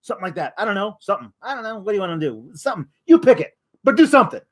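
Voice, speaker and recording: A man's voice: high-pitched, sing-song, very fast. A man hosting a wrestling podcast, ranting in exasperation with frequent swearing. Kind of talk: podcast rant.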